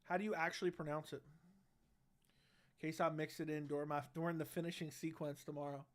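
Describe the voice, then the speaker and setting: A man's voice: on the high side, flat delivery, fast talker. A brash young man hosting a casual livestream, reading chat and bantering loosely with slang and swearing into a studio mic. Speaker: livestream host. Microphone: studio dynamic mic.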